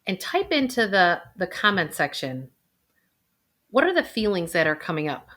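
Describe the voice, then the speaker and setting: Middle-aged woman, financial planner vlog host, bright voice, coaxing guided exercise, slow soft affirmations. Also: lowish voice, very animated.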